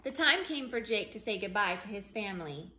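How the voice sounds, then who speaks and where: A woman teacher reading a picture book aloud to young children, with clear and expressive storytelling. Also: medium pitch, a little fast, poor audio. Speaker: early learning teacher.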